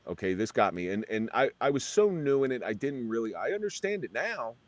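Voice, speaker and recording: A middle-aged former police officer tells his story in an interview, earnest and halting with many restarts. His mid-range voice swings widely in pitch, and the lo-fi recording has no room sound.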